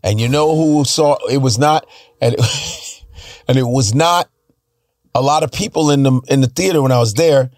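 A man telling stories as a podcast guest in a casual, animated and profane way. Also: mid-range voice, normal speed, no room sound, studio quality.

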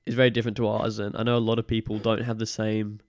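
A young man chats in a loose, rambling way, his accent caught between British and Australian. His voice sits a little low with a gravelly edge. The recording is dry and close. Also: fast, no room sound. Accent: mix of British and Australian. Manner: relaxed, rambling, many fillers. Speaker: podcast guest. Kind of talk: casual chat.

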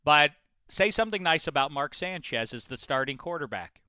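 Lively man hosting sports chat, crisp and bright, laughs easily. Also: a little high, dry recording. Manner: lively, joking, quick to laugh. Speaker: podcast host.

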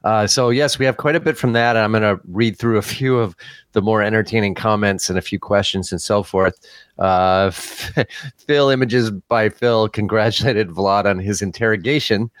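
A podcast co-host reads listener comments aloud in an easygoing way, chuckling a little and hesitating with plenty of uhs and ums. His voice is fairly low, at normal speed, with no echo.

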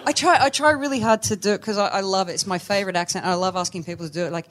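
A woman on stage at a live podcast recording, telling a film story with real animation. She talks in a middle pitch and slips into clipped, old-fashioned voices to act out the characters' lines. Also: rapid-fire, few pauses, a bit bright, slight background noise. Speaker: podcast guest.

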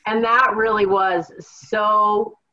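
A woman from a small-town Washington valley speaks as a podcast guest, sharing her story in a sincere, reflective way. Her voice sits at a middle pitch, and the audio is a little muffled and lo-fi. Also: level tone, slow pace, pushed and bright. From Kittitas Valley, Washington State. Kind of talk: conversational podcast interview.

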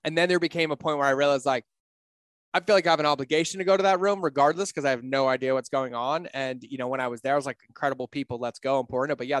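A man talking casually on a podcast, blunt and animated, swearing freely and acting out his own quotes. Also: dry recording. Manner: acts out his own quotes with big pitch jumps.

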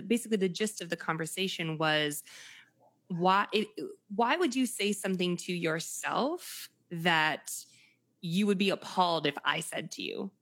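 A young adult woman hosts a casual podcast conversation with a somewhat low voice. She speaks candidly and bluntly, dropping casual swears as she makes her points. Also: a bit bright.

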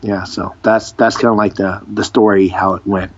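A man, a fighter and actor, telling stories in a casual interview, animated and full of restarts. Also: lowish voice, normal speed, breathy edge, muffled recording. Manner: animated, re-enacts dialogue, frequent restarts.

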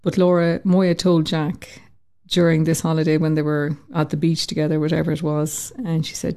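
A woman telling a personal story in an interview, lively and acting out the voices she quotes. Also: low voice, moderate pace, hardly any pauses. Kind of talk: conversational storytelling.

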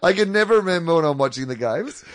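A man's voice: a little high, animated, fast, no echo. A man co-hosting a casual sports podcast, chatty and jokey with lots of fillers. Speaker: podcast co-host.

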